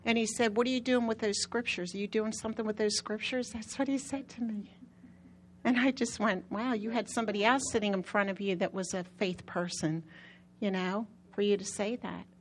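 A woman delivers a sermon with personal testimony, talking a little fast over slight background noise. Animated in her storytelling, she repeats phrases to stress them and climbs into a high pitch when excited.

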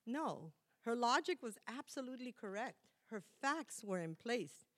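A woman's voice: fairly high pitch, big pitch swings, a little slow, fairly bright tone. Chatty middle-aged woman preaching. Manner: chatty, self-correcting, laughs at herself. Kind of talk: conversational sermon.

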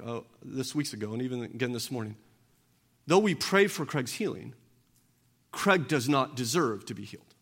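With a fairly high pitch and fairly bright tone, a pastor delivers a sermon conversationally in a large hall with long reverb. He asks the congregation questions and acts out quoted voices, stumbling and repeating words as he goes.

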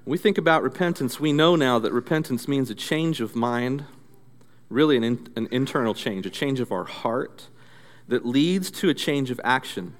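A man's voice: medium pitch, moderate pace. A male pastor preaching a sermon in a conversational, storytelling way. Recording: echoey hall reverb.

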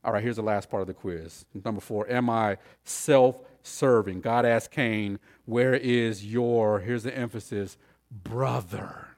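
A male pastor preaching a sermon, emphatic, firing repeated rhetorical questions and swinging between loud and hushed. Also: lowish voice, normal speed, hardly any pauses.

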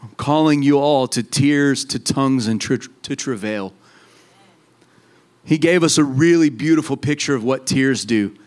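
A man's voice: mid-range voice, measured pace, a little mellow. A man preaching a sermon as a pastor, earnest and fervent.

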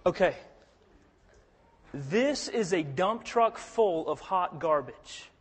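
A man preaching a sermon, earnest, moving between hushed storytelling and forceful emphasis. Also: sits high, expressive, slow pace, big-room sound.

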